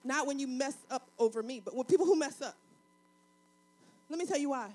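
A woman pastor preaching a sermon, swinging from loud fervent passages to quiet intimate talk, in a colloquial, folksy way. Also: high voice, brisk, soft background music.

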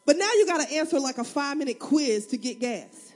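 High-voiced woman pastor preaching. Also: a little fast. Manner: animated, humorous, acts out prayers and everyday scenes; conversational, addresses the congregation directly. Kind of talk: sermon.

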